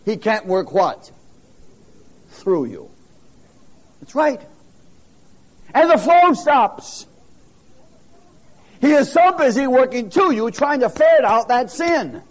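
A man's voice: very high-pitched, sing-song, slow, pauses often. A man preaching a sermon, calling out questions to his listeners and pressing his points with emphasis. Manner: emphatic, calls out questions to the congregation. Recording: dull lo-fi sermon recording.

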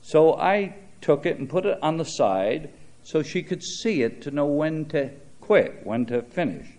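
A man's voice: on the high side, big pitch swings, a little slow, a little mellow. An older man preaching a sermon, telling stories in a conversational way with frequent "uh" fillers. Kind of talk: sermon with storytelling.

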